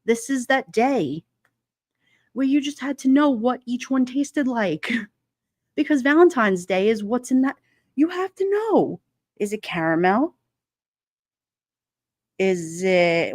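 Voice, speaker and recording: A woman chats on a relaxed livestream, talking straight to her viewers with blunt, playful humor and frequent laughter. Her voice sits a little high, and the sound is close and dry with no room echo. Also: takes it slowly, pauses often. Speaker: livestream host. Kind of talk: casual live chat with viewers.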